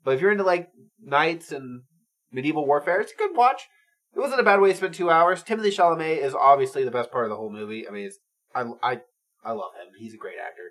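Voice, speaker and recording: A man co-hosting a podcast, chatting casually about movies, animated and swearing freely as he retells scenes. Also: on the high side, quick pace. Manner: animated, swears freely, acts out quotes in silly voices. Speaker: podcast co-host. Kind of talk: casual movie review chat.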